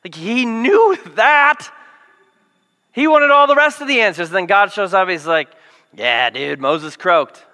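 Male pastor, sermon, high and bright voice, animated and comedic, reverberant church hall. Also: a little slow, clean tone. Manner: animated, jokey storytelling with acted quotes and yelled lines.

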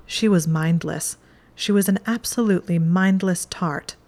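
A woman reading a chapter of fan fiction aloud in a calm, steady narration. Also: on the low side, a little slow. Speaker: audiobook reader. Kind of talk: scripted narration.

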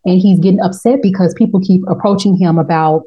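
A woman hosting a casual TV recap chat, telling the story in a slangy, profane, animated way and slipping into quick voices for the characters. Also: on the low side, breathy edge, highs cut off. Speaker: podcast host.

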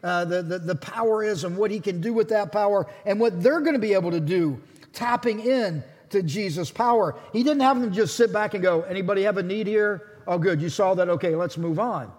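A man preaching a sermon as lead pastor, retelling the story with animated, acted-out voices. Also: sits high, brisk, in a large hall.

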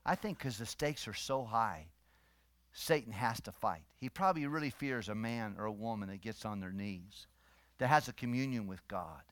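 A middle-aged male pastor preaching a sermon, swinging between soft, low asides and loud, emphatic stretches. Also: normal speed, dry recording.

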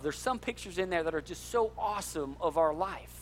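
A middle-aged male pastor, preaching an animated sermon in a church and joking with the congregation. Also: on the high side, fairly quick, hardly any pauses, a little hiss or hum. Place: church sanctuary.

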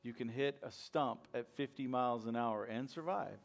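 A man preaching a sermon in a lively, conversational way, acting out little asides as he goes. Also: mid-range voice, normal speed, vocal fry, faint music behind. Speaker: chaplain and preacher.

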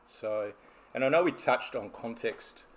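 A man's voice: medium pitch, a little slow. A man, a business coach telling stories and explaining ideas in a podcast conversation. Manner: storytelling, explanatory.

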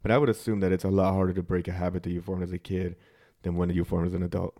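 A man's voice: low voice, flat delivery, very fast, dark tone. A man co-hosting a podcast who rambles through analogies, says "like" constantly and swears casually. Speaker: podcast co-host.

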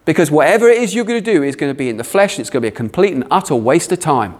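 A man preaching a sermon, animated with playful asides. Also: a little high, rapid-fire. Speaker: pastor.

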